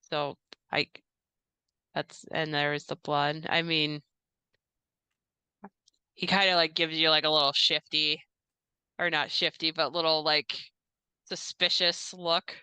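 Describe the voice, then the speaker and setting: A woman's voice: sits low, level tone, takes it slowly, long pauses, bright, forceful tone, clean tone, no room sound, heavily acted. A woman voicing a polite, nervous male house staffer who talks hesitantly with many fillers.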